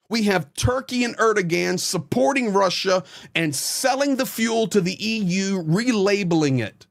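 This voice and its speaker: Male host, fairly high voice, blunt frustrated rant to camera. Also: gravelly. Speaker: host, volunteer supporter. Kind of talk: impassioned direct-to-camera commentary.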